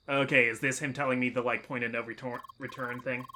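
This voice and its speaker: A man's voice: mid-range voice, level tone, brisk, few pauses, pushed and bright, slight background noise. A man hosting a let's play, chatting casually and rambling with lots of fillers and restarts. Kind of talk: casual gameplay commentary.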